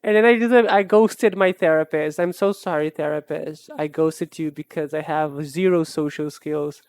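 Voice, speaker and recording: Rambling, self-deprecating art streamer, smooth voice. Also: medium pitch, normal speed, a little mellow, no echo. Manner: rambling and self-deprecating, with frequent laughs and restarts. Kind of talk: casual live-stream chat while drawing.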